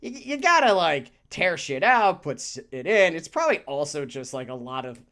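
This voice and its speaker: A co-host on a podcast keeps things casual, rambling in an animated manner, swearing lightly and laughing frequently. The mid-range voice moves at a normal speed.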